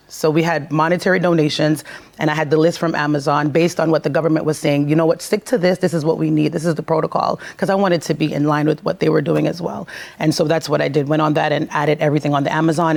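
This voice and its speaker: This is a Jamaican woman being interviewed on morning television. She talks earnestly and briskly, and her voice carries a gravelly, creaky texture. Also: sits low, little pitch movement, darkish tone. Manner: earnest, quick storytelling. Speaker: guest, charity founder.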